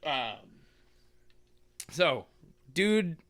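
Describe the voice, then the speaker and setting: A man co-hosting a podcast, retelling a manga in lively casual chat, acting out characters and swearing freely. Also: fairly high pitch, very slow. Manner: animated storytelling, acts out characters, swears. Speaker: podcast co-host.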